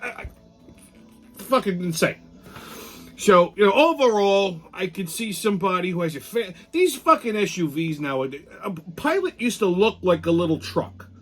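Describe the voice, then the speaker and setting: A man's voice: high voice, big pitch swings, normal speed, a bit bright, faint music behind. A middle-aged man, hosting a casual monologue show, blunt, profane and ranting. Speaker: podcast host.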